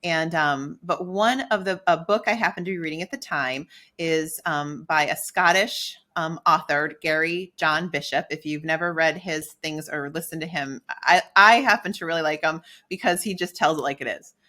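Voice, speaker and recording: A middle-aged woman telling a personal story on a podcast. Her voice sits low and has a bright, forceful edge. She speaks candidly and acts out her own thoughts as she goes. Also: moderate pace. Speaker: podcast co-host.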